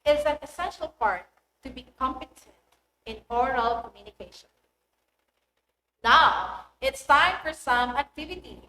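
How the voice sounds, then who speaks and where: Woman, high voice, teacher, deliberate lesson delivery, echoey room. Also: sharp tone. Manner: clear, deliberate teacherly delivery, stressing key words. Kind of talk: recorded English lesson. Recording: echoey room with faint noise.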